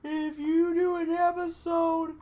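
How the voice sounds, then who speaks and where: An eerie wailing old manager. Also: male voice, extremely high pitch, little pitch movement, a little mellow, pitched above the performer's own voice. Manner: slow, wailing, drawn-out.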